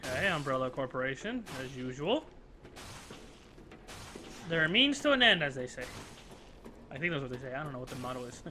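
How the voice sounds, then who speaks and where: A man giving excitable, jokey let's play commentary, swearing a lot as he plays. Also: medium pitch, brisk, pauses often, faint music behind. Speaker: gameplay commentator.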